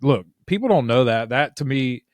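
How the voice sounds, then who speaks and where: Male podcast host, eager and chatty, mid-pitched, dry close mic. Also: expressive, normal speed, no room sound. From Ohio. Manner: chatty, eager reactions and questions. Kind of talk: casual interview chat.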